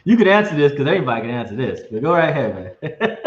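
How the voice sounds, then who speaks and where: A man hosting a casual video-call interview, outspoken and animated, laughing often. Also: medium pitch, fast, reverberant, dull audio. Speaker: interview host, comic company head.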